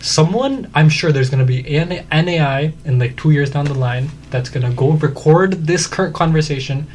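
A man in a casual podcast chat, relaxed and slangy, calling people "bro.". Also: on the high side, normal speed, a little hiss or hum. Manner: laid-back, slangy, says "bro" often.

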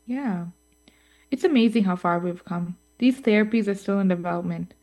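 A woman co-hosts a scripted podcast segment, reading her lines in a middle-pitched voice. She stumbles now and then, fills pauses with ums and drops in playful asides. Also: darkish tone. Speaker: co-host. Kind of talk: scripted podcast chat on voice technology.

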